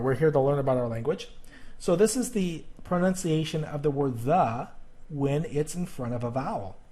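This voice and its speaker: A man walks through a pronunciation lesson at an unhurried pace. He explains patiently, with fillers and examples said over again. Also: a little high, a little mellow. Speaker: teacher.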